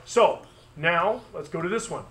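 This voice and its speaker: A man teaching physics to a class, brisk and conversational, with joking asides. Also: a little high, animated, a little hiss or hum. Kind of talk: classroom review lesson.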